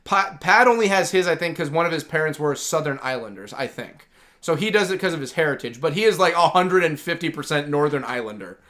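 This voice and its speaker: Bright-voiced, rambling male streamer. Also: on the high side, expressive, brisk. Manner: rambling and enthusiastic, heavy use of "like". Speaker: livestream host. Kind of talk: casual livestream chat.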